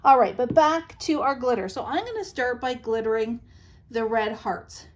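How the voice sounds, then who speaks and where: A woman's voice: on the high side, normal speed. Chatty woman demonstrating a card craft. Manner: chatty and reassuring, giving practical tips. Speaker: craft tutorial host.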